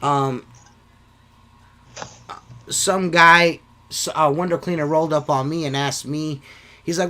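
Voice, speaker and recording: A man's voice: a little high, steady tone, a little slow, pauses often, bright, forceful tone. A man who cleans windows, joking around and swearing in casual chat on a live stream video call. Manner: profane, joking banter.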